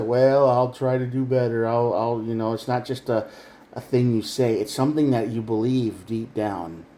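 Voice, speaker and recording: A man's voice: medium pitch, mellow. Earnest man giving a tarot reading. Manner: earnest, emphatic, talks straight to the viewer. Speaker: tarot reader. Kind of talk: direct-to-camera tarot reading.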